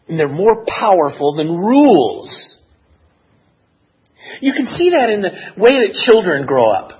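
Husky, expressive male preacher. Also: on the high side, muffled recording. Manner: expressive preaching, slow and measured, rising to emotional emphasis. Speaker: pastor. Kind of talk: sermon.

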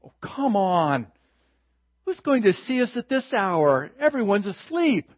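A man's voice: high-pitched, very animated, unhurried, muffled recording, pitched above the performer's own voice, heavily acted. A man voicing a confident young man on a date who speaks in a coaxing, eager way.

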